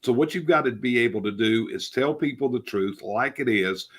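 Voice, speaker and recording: Man, North Carolina Southern accent, middle-aged, blunt, folksy, medium pitch. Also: moderate pace, a bit bright, husky. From North Carolina, Charlotte area. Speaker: business coach guest. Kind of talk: casual interview chat.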